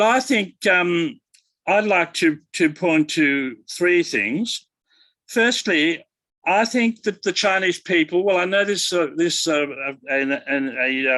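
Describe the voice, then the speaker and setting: An older male academic answering interview questions in a halting, thoughtful way, with many fillers and restarts. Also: sits high, bright, forceful tone, no room sound, low-quality recording. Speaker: guest academic.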